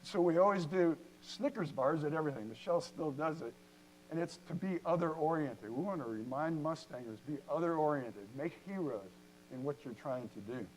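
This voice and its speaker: Animated older-sounding man telling stories. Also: on the high side, moderate pace, slight background noise, poor audio. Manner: animated, jokey storytelling with laughs. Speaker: company co-founder giving a talk. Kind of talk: storytelling talk to an audience. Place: lecture hall at a university event.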